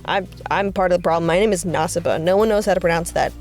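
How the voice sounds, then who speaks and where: A woman artist casually talking through her drawings, chatty and rambling, with excited high-pitched bursts. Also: fast, soft background music. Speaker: artist vlogger. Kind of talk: casual art commentary.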